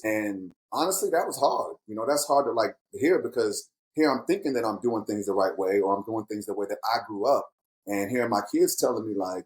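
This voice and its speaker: The audio is poor, and the man's voice sits on the low side with a fast pace. He's a middle-aged podcast host talking heart-to-heart with his grown kids in a casual, candid, reflective way, growing lively when he quotes what he once said.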